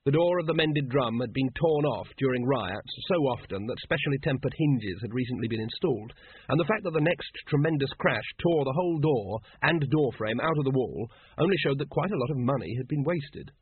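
A man's voice: medium pitch, lively intonation, fairly quick, a little hiss or hum. A man reading a comic fantasy story aloud, with a dry, wry narrating manner. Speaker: audiobook narrator. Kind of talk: scripted narration. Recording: phone-like narrow band.

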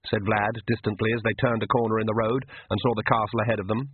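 A man narrating an audiobook in a dry, measured manner, over a tinny radio broadcast. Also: on the low side, fairly even intonation, husky, no room sound.

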